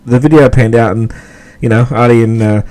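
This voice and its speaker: A man's voice: mid-range voice, fairly even intonation, dark tone, rough recording. A man with an Australian accent hosting a podcast, chatting casually and rambling with lots of fillers. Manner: rambling, halting with many fillers. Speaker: podcast host. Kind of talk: casual commentary.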